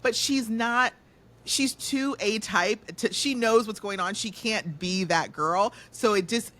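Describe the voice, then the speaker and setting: A woman's voice: medium pitch, takes it slowly, a bit bright. A woman podcast guest in casual pop-culture chat, talkative and often restarting her sentences. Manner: talkative, self-interrupting with restarts.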